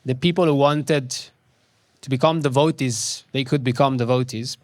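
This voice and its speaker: A man giving a spiritual talk, telling a story slowly and with emphasis, repeating key words. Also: medium pitch, steady tone, dry recording.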